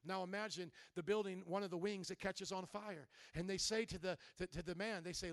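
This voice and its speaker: A man's voice: high-pitched, fairly even intonation, fairly quick, few pauses, no echo, studio quality. A man preaching a sermon as pastor, impassioned, often asking the congregation questions.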